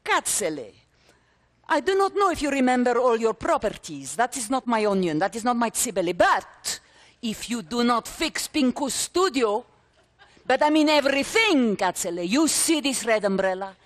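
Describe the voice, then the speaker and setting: A fierce, bossy old grandmother with a Yiddish-tinged accent barks out threats , as a woman storyteller puts her on. Her voice swoops widely and sits a little high. She sounds commanding and unafraid. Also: big pitch swings, normal speed.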